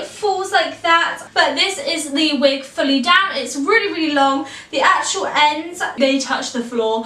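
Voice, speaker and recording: Young woman, casual vlog chat, high-pitched, echoey and distant. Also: pushed and bright. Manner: chatty, repeats words for emphasis. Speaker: children's party princess performer. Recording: roomy echo, mic at a distance.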